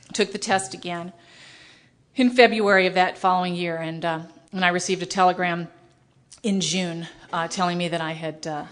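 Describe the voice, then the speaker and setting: At a recovery meeting in a hall with a live audience, a middle-aged American woman with a lowish voice tells her story. She's animated and self-mocking and acts out the dialogue.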